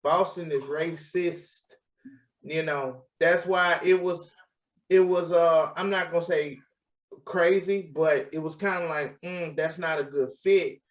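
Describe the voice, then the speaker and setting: A man's voice: on the high side, fairly even intonation, a little slow. A man co-hosting a podcast, chatting loosely with many restarts. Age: adult parent. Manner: laid-back, rambling, frequent restarts. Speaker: podcast co-host. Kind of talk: casual chat. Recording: echoey, distant, muffled mic.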